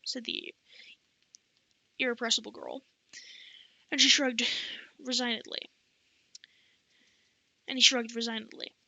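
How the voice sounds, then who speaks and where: A woman's voice: fairly high pitch, steady tone, a little slow, vocal fry, pauses often, sharp tone, dry recording, rough recording. A woman reading a novel aloud as an amateur audiobook narrator, often stumbling and restarting words. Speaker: audiobook reader.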